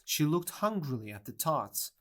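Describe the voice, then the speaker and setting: A narrator reading a children's storybook audiobook in a plain, measured way. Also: mid-range voice, big pitch swings, a bit bright.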